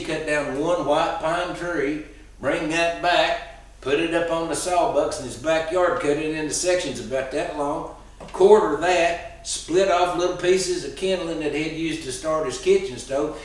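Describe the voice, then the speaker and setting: Folksy storyteller in a roomy space. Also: male voice, a little high. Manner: relaxed, folksy and unhurried. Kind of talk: oral storytelling performance. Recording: roomy sound, distant mic.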